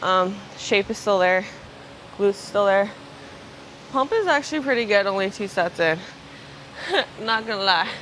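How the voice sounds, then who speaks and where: A young fitness vlogger chats loosely while working out at the gym, her mid-range voice expressive and a bit bright, with a measured pace and frequent pauses. Her talk is filler-heavy, full of "like" and "bro," over slight background noise.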